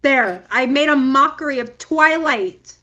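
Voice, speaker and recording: A woman's voice: sits high, unhurried, lo-fi sound. A young adult woman co-hosting a podcast in casual chat, telling stories with lots of laughter and acted-out scenes. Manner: animated storyteller, laughs often, acts out scenes. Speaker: podcast co-host.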